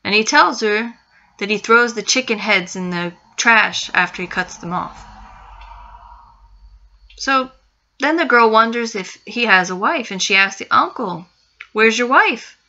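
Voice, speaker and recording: A woman's voice: mid-range voice, unhurried, long pauses, sharp tone. A woman narrating a spooky story with suspense, repeating phrases for effect. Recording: dull lo-fi recording.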